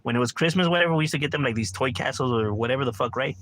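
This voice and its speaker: A man's voice: medium pitch, racing, a bit bright. A middle-aged man streaming a game from home, ranting casually with lots of profanity and constant "bro.". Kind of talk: casual livestream rant.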